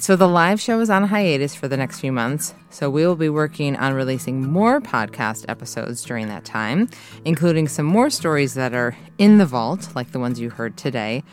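Relaxed podcast host wrapping up. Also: mid-range voice. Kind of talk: casual podcast outro.

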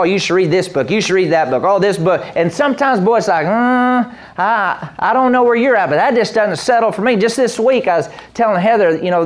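A man preaching a sermon as pastor, animated, acting out voices with the congregation answering. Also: sits high. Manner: animated, acts out voices and sheep bleats. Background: congregation responses.

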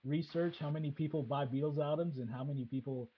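A fairly high, husky male voice that talks in halting bursts, full of "uh" and restarts, as he hosts a relaxed chat. The recording sounds dull and lo-fi. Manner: hesitant, many fillers and restarts. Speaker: podcast host. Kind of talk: casual chat.

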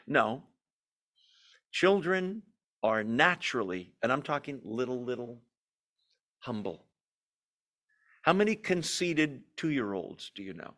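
A man teaching a Bible study in a lively, joking, conversational way. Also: mid-range voice, unhurried, pauses often.

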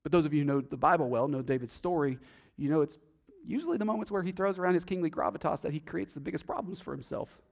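A man preaching a sermon, emphatic and swinging between loud stresses and hushed, intimate asides. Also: on the high side, quick pace, creaky. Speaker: pastor.

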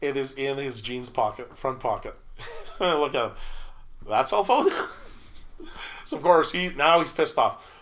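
A middle-aged man telling stories from his restaurant job in an easygoing chat. He speaks in a middle pitch and keeps stumbling over repeated words and fresh starts. He breaks into laughter now and then. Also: measured pace, long pauses, fairly bright tone. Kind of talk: casual storytelling chat.

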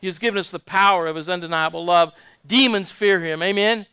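High, bright-voiced man preaching. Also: fairly even intonation, fairly quick, smooth, no room sound. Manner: fervent, repetitive, asks the congregation for amens. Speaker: pastor. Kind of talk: sermon.

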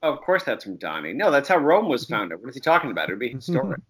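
A man's voice: medium pitch, very animated, quick pace, a bit bright. Guy rambling through a funny story, swears a lot, acts out quotes, laughs, mid voice. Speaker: guest comics writer. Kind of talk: casual storytelling chat.

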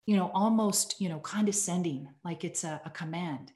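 A woman guest on a podcast, telling a personal story in an earnest, animated way. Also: fairly low pitch, moderate pace. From United States. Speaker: podcast guest, communications executive. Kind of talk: casual storytelling interview. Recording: echoey room.

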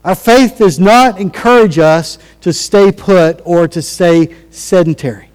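Male pastor, sermon, high-pitched, chatty delivery, long hall reverb. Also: unhurried, clean tone. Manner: conversational, restarts and acted-out quotes.

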